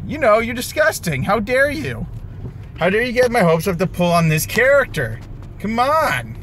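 A man's voice: fairly bright tone, a little hiss or hum. A young man commenting on a mobile game unboxing, exasperated and complaining. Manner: exasperated, groaning and complaining, sudden jumps in pitch. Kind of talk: frustrated gameplay commentary.

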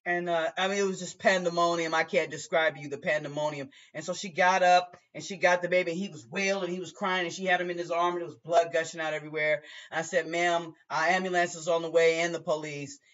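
A man, a bus driver, telling a personal story in an emotional, halting way with many restarts. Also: fairly high pitch, fairly even intonation, a bit bright. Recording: dull lo-fi sound.

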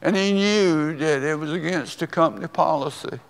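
An older man, a pastor, preaching a sermon and telling a story slowly and deliberately, with pauses. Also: a little high. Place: church sanctuary. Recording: long reverb of a church hall.

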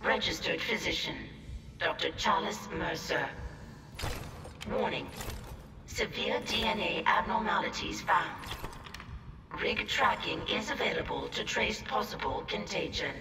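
A woman voicing a calm female ship computer that makes flat, formal announcements. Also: fairly low pitch, a little slow, pauses often, natural voice. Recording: echoey far-off game audio, hiss.

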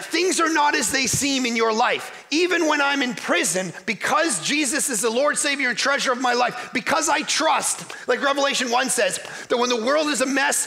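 High, energetic man preaching a sermon. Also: gravelly. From Canada. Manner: energetic, emphatic, joking with the crowd. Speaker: guest pastor. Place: church.

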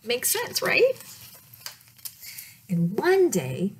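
A woman reads a picture book aloud to children in a slightly high voice, taking her time over every word. She keeps the telling playful and now and then sinks into a dramatic whisper. Faint background noise sits under the reading. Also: huge pitch swings, extremely slow. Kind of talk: storytime read-aloud.

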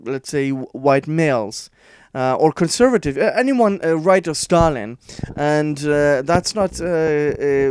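A man reacting to an article he reads aloud, frustrated and sarcastic, halting often with fillers. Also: fairly high pitch, darkish tone, smooth, dry recording, studio quality. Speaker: online commentator.

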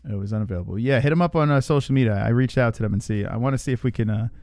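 A man's voice: medium pitch, rapid-fire, darkish tone, no room sound, clean studio sound. A man hosting a live fight-reaction stream, talking casually with crude, rambling jokes. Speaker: host.

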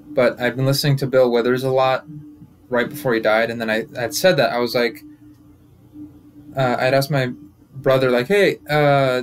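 A man's voice: medium pitch, a little hiss or hum. A young man in his twenties, a comedian and podcast host, talking through a casual, joking monologue that wanders and interrupts itself. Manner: rambling, joking, self-interrupting.

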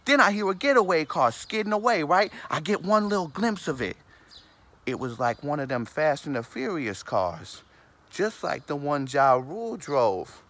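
A man's voice: a little high, very animated, normal speed, a bit bright. A man in a comedic sketch monologue, rambling and repeating his filler phrases over and over. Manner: rambling, repeats "for real" and "or whatever".

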